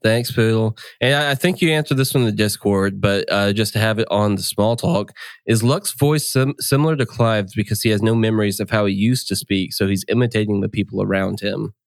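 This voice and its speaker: A man's voice: fairly low pitch, fairly quick, dry recording. A man hosting a casual podcast chat, reading listener questions and laughing often. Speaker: podcast host and game master.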